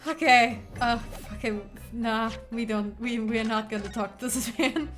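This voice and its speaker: A woman's voice: fairly high pitch, unhurried, soft background music. Giggly young woman gaming with friends. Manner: giggly, excitable, sweary. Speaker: player. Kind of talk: casual let's-play chat.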